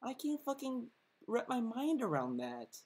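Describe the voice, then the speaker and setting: A man's voice: very high-pitched, huge pitch swings, unhurried, darkish tone, breathy edge. Guy ranting over a video, sarcastic, swearing nonstop, mocking tone. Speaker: commentator reacting to a video. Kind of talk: angry ranting commentary.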